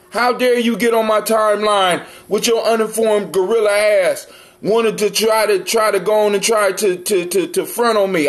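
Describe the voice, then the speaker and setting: A middle-aged man hosting a livestream, ranting in a profane, confrontational and mocking way. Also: high-pitched. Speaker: livestream host. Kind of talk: heated livestream rant.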